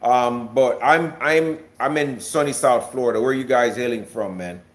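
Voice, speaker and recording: A man's voice: medium pitch, moderate pace. A man originally from Jamaica, speaking in an American accent with a light Jamaican lilt, chats casually on a livestream, rambling and repeating words as he answers viewers. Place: South Florida.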